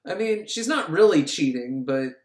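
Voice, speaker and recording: A man's voice: on the high side, expressive, normal speed. A man giving a crude, sarcastic, rambling comic recap of a movie in a roomy space. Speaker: film reviewer. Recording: roomy echo.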